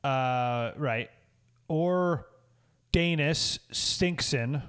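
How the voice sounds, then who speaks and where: Young male podcast co-host, slightly high pitch, self-deprecating crude humor, casual banter. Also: drawn-out words, a bit bright, smooth. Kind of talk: casual chat.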